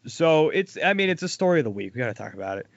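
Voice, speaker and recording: A man co-hosting a casual sports podcast, bluntly recapping the week's football scores with lively opinions. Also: on the high side, rapid-fire, creaky, no echo, muffled recording. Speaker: podcast co-host.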